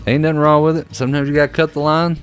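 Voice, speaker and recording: A man's voice: on the high side, racing. A young man, a podcast co-host, telling a casual story full of fillers. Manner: animated storyteller, many fillers, acts out voices. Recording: faint guitar music behind.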